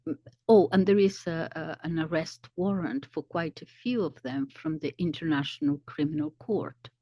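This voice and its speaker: A woman commentator explaining events slowly, often pausing to search for words. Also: fairly low pitch, a little mellow, no room sound. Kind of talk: commentary video.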